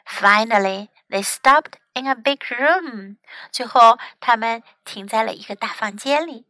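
A woman teacher narrates a children's story in a clear, patient, teacherly way. Her voice is high and bright, her pace slow. The sound is dry and close. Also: no echo, poor audio. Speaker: English teacher.

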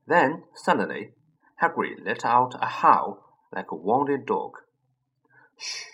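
A man narrating a children's fantasy audiobook in a measured, expressive storytelling manner. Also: mid-range voice, slightly rough, poor audio. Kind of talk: scripted narration.

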